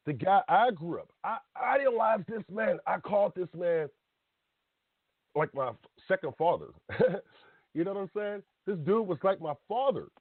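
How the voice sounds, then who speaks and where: Host, late thirties, male, husky, heated and blunt, pitch swinging a lot, thin phone-like sound. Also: no echo. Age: 30s. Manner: blunt, heated ranting with laughs and slang. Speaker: podcast host. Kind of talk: casual radio talk.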